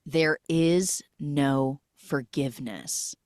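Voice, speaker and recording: A battered young woman who answers in a hushed, flat and defiant way, as a woman with a low voice quotes her. The sound is dry and close. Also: normal speed, husky, dry recording.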